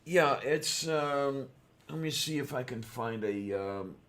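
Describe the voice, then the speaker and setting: A man's voice: medium pitch, animated, takes it slowly, fairly bright tone. Hesitant man co-host, lots of ums. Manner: hesitant, full of ums, self-deprecating. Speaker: podcast co-host. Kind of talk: casual chat.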